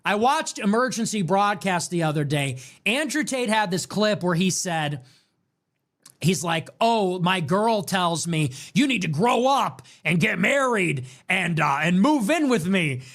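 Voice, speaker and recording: A man's voice: sits high, expressive, measured pace, a bit bright. A man in a clip, speaking casually with mocking sarcasm.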